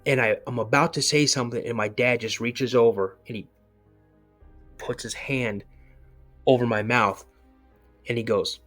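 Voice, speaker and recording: A man's voice: medium pitch, fairly even intonation, moderate pace, long pauses, fairly bright tone, soft background music. A man, a podcast guest, telling a personal encounter story in a rambling way, full of "you know" and restarts.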